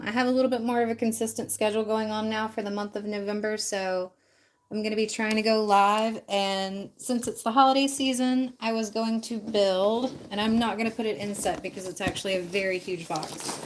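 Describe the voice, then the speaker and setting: A woman hosting a relaxed livestream, chatting loosely and directly with her viewers, with plenty of ums and likes. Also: on the high side. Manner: loose, filler-heavy talk with frequent ums and likes. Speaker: livestream host. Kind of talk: casual livestream chat.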